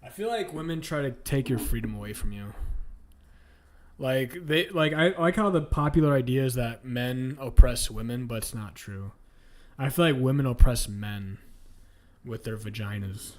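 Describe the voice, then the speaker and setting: A man's voice: mid-range voice, normal speed. A man streaming and chatting casually, crude and joking, laughing often as he rambles.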